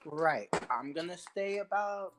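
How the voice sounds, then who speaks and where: A woman playing a tabletop game, chatting casually with playful deadpan remarks. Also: on the low side, unhurried, noisy background. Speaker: player. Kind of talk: casual chat.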